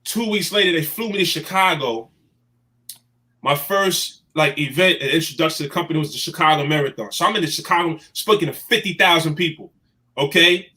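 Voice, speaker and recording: A man in his thirties telling his life story in a casual chat, animated and emotional. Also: fairly high pitch, fairly quick. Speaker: guest.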